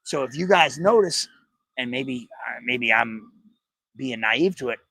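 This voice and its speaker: A man with a gravelly, bright edge to his voice recounts stories in a relaxed, profane way. He talks in a casual chat style, often reflective. The sound is close and dry. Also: medium pitch, measured pace, no echo. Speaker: podcast co-host.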